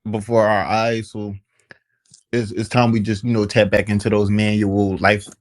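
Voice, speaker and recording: A man's voice: on the low side, level tone, normal speed. A man joining a live audio chat room, talking in a laid-back, rambling way and agreeing with the host. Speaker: guest speaker in live chat. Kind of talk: casual chat.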